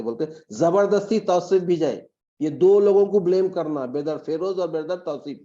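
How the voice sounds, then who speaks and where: Male teacher trainer, rapid delivery, mellow darker tone, dull lo-fi video-call audio. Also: a little high. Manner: switches between English and Hindi, explains step by step. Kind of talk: online teacher-training session.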